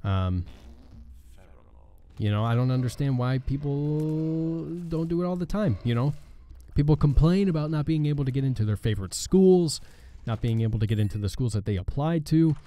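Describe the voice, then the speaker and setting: A man hosting a gaming channel, chatting casually and rambling with halting, sarcastic asides over gameplay. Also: medium pitch, lively intonation, dark tone.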